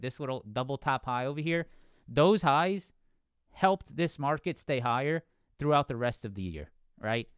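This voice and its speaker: A man's voice: mid-range voice, a bit bright, clear, resonant tone, no room sound, clean studio sound. A man talking casually through market charts on a live stream, constantly checking in with "right?". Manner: conversational, peppers talk with "right?".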